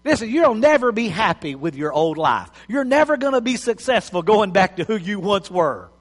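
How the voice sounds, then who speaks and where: Lively high-voiced preacher, echoing hall. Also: male voice, moderate pace. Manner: storytelling, acts out scenes, chuckles. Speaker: pastor. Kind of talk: sermon.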